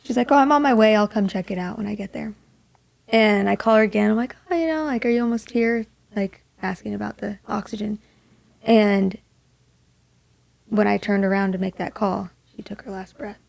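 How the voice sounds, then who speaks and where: A young woman from Maui tells a personal story as a guest in an interview. Her voice carries a strong gravelly fry, and she speaks softly, often slipping into a near-whisper for quoted thoughts. The sound is dry and close, with no room around it. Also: medium pitch, level tone, normal speed, no room sound. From Maui, Hawaii. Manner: soft-spoken, drops to a hush for quoted thoughts. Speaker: singer-songwriter guest.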